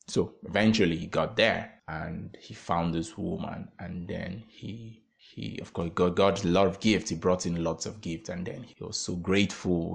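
A man telling a parable as a motivational talk, animated, with frequent fillers and laughs. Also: deep voice, gravelly. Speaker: storyteller.

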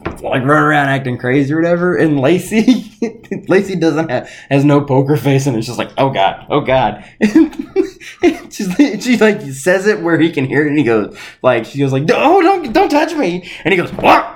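A man's voice: on the high side, lively intonation, normal speed. A middle-aged man co-hosting a podcast, telling a story in casual chat, laughing often and swearing freely. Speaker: podcast co-host.

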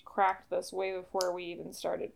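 A woman's voice: on the low side, moderate pace, vocal fry, a little hiss or hum. A young woman in her twenties co-hosting a podcast, chatting casually and telling stories with lots of fillers. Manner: chatty, filler-heavy, animated storytelling. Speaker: podcast co-host. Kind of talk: casual chat.

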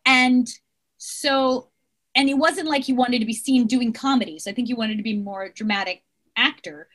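A middle-aged woman, an actress guest, chatting casually over a video call, lively and full of fillers and restarts. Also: fairly high pitch, normal speed. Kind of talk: casual interview chat.

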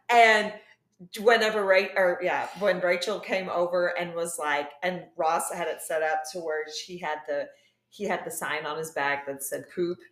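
A woman's voice: lowish voice, big pitch swings, a little slow. A woman chatting as a guest on a podcast, rambling and laughing, losing her train of thought. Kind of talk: casual chat. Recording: echoey room.

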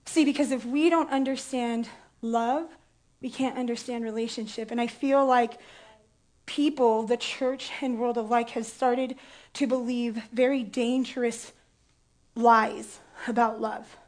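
Woman preacher, pretty high voice, talks real candid and jokey, gets emotional telling her story. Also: fairly even intonation, unhurried, a little mellow. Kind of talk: sermon with personal story.

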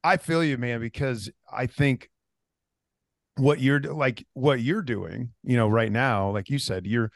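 A man's voice: mid-range voice, a little slow, vocal fry, no room sound, clean studio sound. A man hosting a podcast, chatting casually and encouragingly with his guest. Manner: encouraging, conversational, swears casually. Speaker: podcast host.

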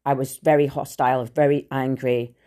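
A woman's voice: a bass voice, little pitch movement, moderate pace, dark tone. A woman telling a personal story on her podcast, casual, blunt and full of swearing and fillers. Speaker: podcast host.

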